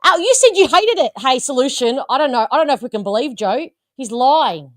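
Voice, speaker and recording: A woman runs a live fan call-in stream with a slightly high, playful voice. She teases her guests and laughs easily. The sound is dry and close. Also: animated, a little fast, dry recording. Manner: chatty, teasing, laughs often. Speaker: host of live fan show. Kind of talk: live-stream casual chat.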